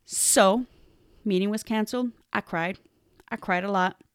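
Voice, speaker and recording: Woman, young adult, candid personal story, slow pace, smooth clear voice, dry close sound. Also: mid-range voice, dry recording. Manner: candid, laughs often, quotes herself. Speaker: speaker telling a personal story.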